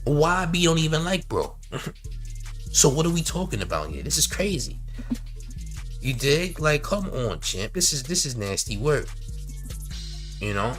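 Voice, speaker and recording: A man riffs on a livestream, bright-toned and animated. He mocks and reads out chat comments in a loose, casual style. Faint music sits underneath his talk. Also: on the high side, unhurried, pauses often. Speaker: commentary host.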